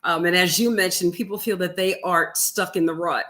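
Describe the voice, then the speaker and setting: A woman talking as the guest author in an interview, earnest and reflective, pausing often with fillers. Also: on the low side, fairly even intonation, fairly bright tone. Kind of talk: live interview conversation.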